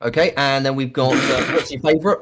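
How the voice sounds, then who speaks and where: Brisk matter-of-fact male co-host. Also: medium pitch, fairly even intonation, a bit bright. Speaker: co-host reading viewer questions. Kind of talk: casual live-stream chat.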